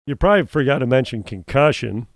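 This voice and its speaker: A man co-hosts a casual podcast, adding dry, joking remarks to his partner's story. His voice sits at an ordinary pitch with a gravelly edge. He sounds close and dry, with no room echo. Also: animated, fast talker. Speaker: podcast co-host. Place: podcast studio.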